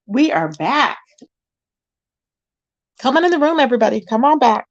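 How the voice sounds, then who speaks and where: High-voiced sassy woman livestream host. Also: very animated, dull audio. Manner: sassy, drawn-out, talks straight to chat. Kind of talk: casual gossip commentary.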